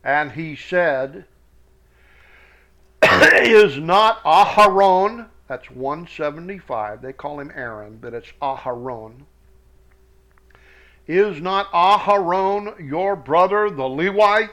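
A man teaching scripture verse by verse, reading each verse slowly with emphasis and adding quick asides. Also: a little high, animated, a bit bright. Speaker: Bible teacher.

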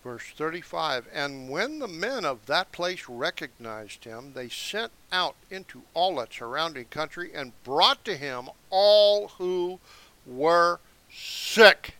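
A man reads scripture aloud at an unhurried, deliberate pace, adding casual explanations between verses. His voice sits a little high, with a bright, forceful edge. His pitch swings widely from line to line. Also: lively intonation. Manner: slow, deliberate reading broken by casual asides. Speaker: Bible teacher. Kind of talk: scripture reading with commentary. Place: seated indoors.

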